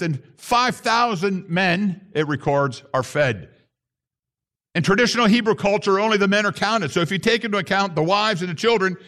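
A man's voice: high-pitched, a bit bright. A man preaching a sermon to his congregation, reading scripture and acting out the grumbling voices. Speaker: pastor.

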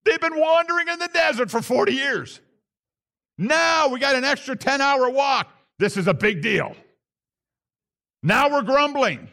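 A man's voice: extremely high pitch, pushed and bright. A man preaching a sermon to his congregation, reading scripture and acting out the grumbling voices. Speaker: pastor.

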